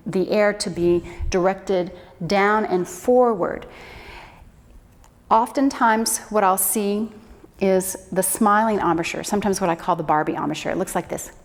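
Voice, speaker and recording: A woman flute instructor giving an encouraging, demonstrative lesson for beginners. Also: mid-range voice. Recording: echo with long reverb.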